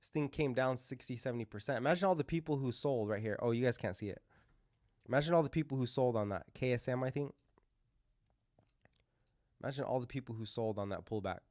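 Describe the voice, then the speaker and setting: A man's voice: mid-range voice, quick pace, long pauses, darkish tone, no room sound, studio quality. A man hosting a crypto livestream, talking casually and rambling through live chart commentary with lots of fillers and restarts.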